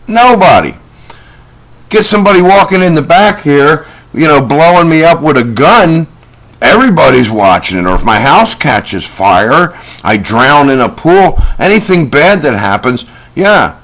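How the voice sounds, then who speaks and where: Middle-aged man as a self-help vlog host, rambling and folksy, pitch that rises and falls a lot. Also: fairly bright tone. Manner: rambling, folksy, with many fillers and asides. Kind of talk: casual talk to camera.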